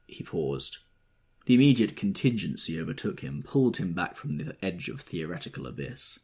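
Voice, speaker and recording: A man reading an audiobook in scripted narration, expressive and measured. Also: deep voice, creaky, husky.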